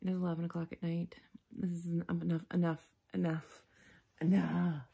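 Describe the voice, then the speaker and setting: A woman's voice: on the low side, little pitch movement, normal speed, gravelly, mellow, slightly rough. A tired American woman in a casual reading vlog, exasperated and rambling, sometimes dropping to a whisper. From United States. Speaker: book vlogger.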